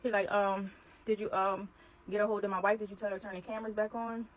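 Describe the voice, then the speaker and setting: A woman telling a personal story in casual chat, acting out the dialogue with animated energy. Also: medium pitch, quick pace, low-quality recording.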